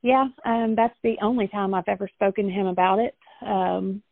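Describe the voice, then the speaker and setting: A young adult woman telling a painful family story as an interview guest, earnest and halting, with many restarts. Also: mid-range voice, steady tone, creaky, no echo, narrow, tinny audio. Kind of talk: emotional personal storytelling.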